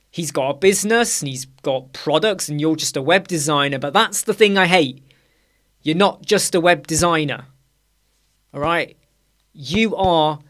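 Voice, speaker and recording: A man's voice: fairly high pitch, fairly bright tone. A young man hosting a live web design Q&A stream, talking casually with energy and repeating key phrases for emphasis.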